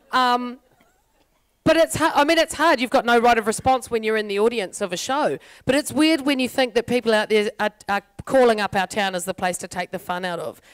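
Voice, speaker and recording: A woman's voice: on the high side, smooth. A New Zealand woman hosting a comic panel on stage, chatty and full of jokey asides. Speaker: panel host. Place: lecture stage before audience.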